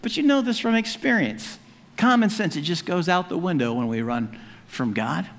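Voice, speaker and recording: A man preaching a sermon as pastor in an animated, conversational and humorous way. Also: high voice, normal speed, vocal fry. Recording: long hall reverb.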